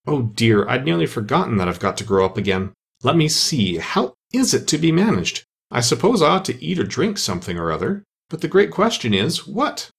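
A man's voice: mid-range voice, sing-song, brisk, vocal fry, breathy edge, exaggerated voice. A man voicing a polite, earnest, curious little girl in a storybook reading. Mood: wistful.

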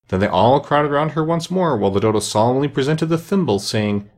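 Husky, animated male storyteller. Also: mid-range voice, brisk, few pauses. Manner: expressive, animated reading. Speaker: reader. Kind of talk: storybook narration.

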